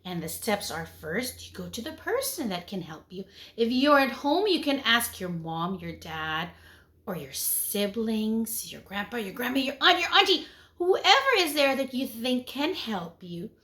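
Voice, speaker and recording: Teaching small children over an online session, a preschool teacher keeps a measured pace while her animated, singsong voice moves up and down in pitch and volume. She fills the lesson with questions for the kids.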